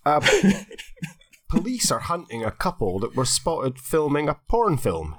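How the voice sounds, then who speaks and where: Lively, sarcastic man. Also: fairly high pitch, takes it slowly, long pauses. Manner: dry sarcastic jokes. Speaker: podcast co-host. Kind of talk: casual chat.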